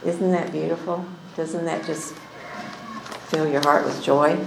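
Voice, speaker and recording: An older woman with a low, gravelly voice leads a Bible lesson for a group of women. She tells her stories in an earnest, chatty way and drops into soft asides. The sound is roomy and echoey. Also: steady tone, unhurried, background noise. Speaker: women's Bible study teacher.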